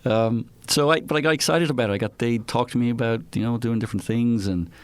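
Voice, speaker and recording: A man's voice: mid-range voice, quick pace, no echo. A man in his fifties with an Irish accent, a guest telling chatty stories in an interview. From Ireland. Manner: chatty anecdotal storyteller. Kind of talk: casual interview storytelling.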